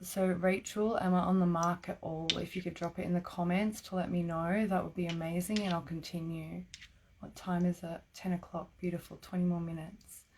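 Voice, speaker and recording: A woman with a somewhat low voice talks through psychic readings on a live stream. She keeps it casual and chatty, laughing often and peppering her sentences with "like". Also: little pitch movement, moderate pace, darkish tone, a little hiss or hum. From Australia. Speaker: psychic reader.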